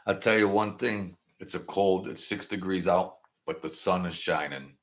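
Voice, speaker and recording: A man's voice: sits low, normal speed, fairly bright tone. A man in his sixties hosting his own channel, rambling through a casual monologue in a chatty, self-mocking way and chuckling often. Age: 60s. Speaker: channel host.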